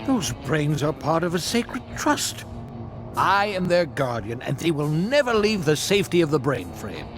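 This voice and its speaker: An actor playing a fussy middle-aged guardian of a vault of brains, pompous and slyly evasive. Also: male voice, a little high, sing-song, moderate pace, over music.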